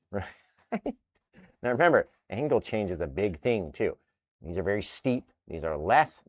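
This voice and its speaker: A man teaching a live painting tutorial in an upbeat, animated way, often tagging his lines with "right?". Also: low voice, no echo, studio quality. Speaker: painting instructor.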